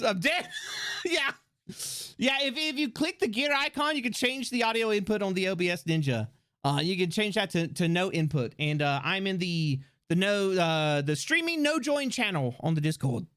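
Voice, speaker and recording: Animated man chatting on a live stream. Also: high-pitched. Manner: excitable, swearing, confused rambling with restarts. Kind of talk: casual live-stream chat.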